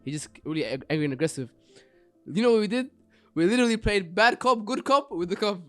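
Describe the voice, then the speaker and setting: A man, a podcast co-host, chatting casually and telling an animated story with acted-out voices. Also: sits high, quick pace, no room sound, faint music behind. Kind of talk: casual chat.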